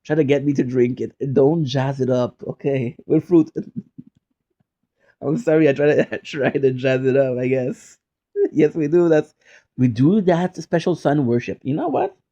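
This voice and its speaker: A young man chats casually with his stream viewers, playful and teasing, breaking into mock outrage and strings of repeated words. His voice is mellow and warm. The sound is a little dull and lo-fi. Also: mid-range voice, unhurried. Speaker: live streamer chatting with viewers. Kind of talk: casual chat.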